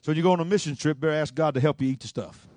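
A pastor preaching a sermon, swinging between shouting and a low, rhythmic delivery. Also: male voice, rapid-fire, no room sound.

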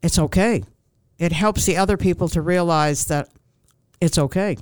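A woman speaking as a grief counselor guest in an interview, giving calm, reassuring advice with frequent ums and restarts. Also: fairly low pitch, normal speed, smooth, no echo.

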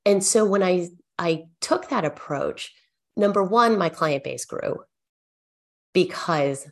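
Slow and low-pitched, a middle-aged accountant tells her stories on a podcast as a guest. She's earnest and animated, reenacting exchanges between herself and her clients.

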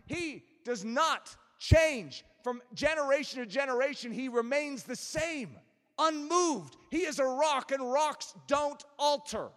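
Impassioned preacher man, high lively voice. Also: takes it slowly, big-room sound. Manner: impassioned preaching with rising emphasis. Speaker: pastor. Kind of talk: sermon.

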